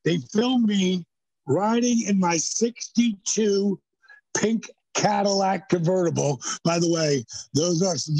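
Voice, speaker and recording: Man, 60s, podcast guest storyteller; husky, higher-pitched, dry close sound. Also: takes it slowly, no echo, poor audio. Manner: animated storyteller who slips into voices. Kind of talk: storytelling in casual interview.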